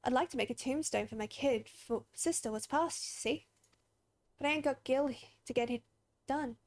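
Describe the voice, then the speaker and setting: A woman's voice: high-pitched, moderate pace, darkish tone. A woman voicing a poor rustic child in a video game, speaking in a folksy drawl. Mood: pleading. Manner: folksy drawl, plain-spoken.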